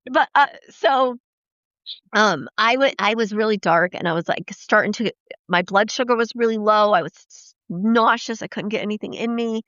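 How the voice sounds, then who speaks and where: A woman hosting a podcast, telling profane, lively stories in casual chat and acting out the quoted lines. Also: medium pitch, normal speed, no room sound. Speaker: podcast host. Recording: dull, dry lo-fi podcast audio.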